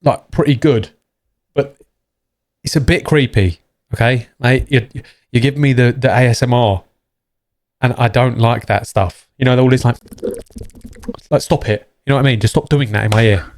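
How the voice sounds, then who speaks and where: A man's voice: medium pitch, normal speed, pauses often. A young man giving loose, chatty reaction commentary, calling everyone mate. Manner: chatty, calls people mate, rambling asides. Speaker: reaction video host.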